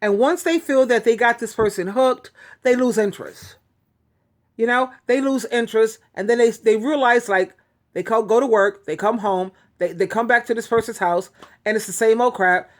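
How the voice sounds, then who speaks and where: A woman's voice: fairly high pitch, moderate pace. Chatty, giggly woman vlogger. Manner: chatty, giggly, rambling with frequent restarts. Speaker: YouTube advice host. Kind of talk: casual talk to camera.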